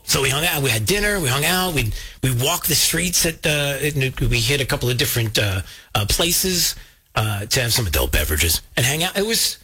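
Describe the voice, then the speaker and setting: A man hosting a talk show, telling a story casually and jumping high in pitch when he quotes people. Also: big pitch swings, normal speed, bright, forceful tone, husky. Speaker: show host.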